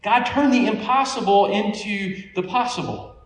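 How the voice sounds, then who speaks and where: High-voiced man preaching in an echoey hall. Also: moderate pace. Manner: conversational, animated storytelling with laughs. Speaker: pastor. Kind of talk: sermon. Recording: echoey room, voice from a distance.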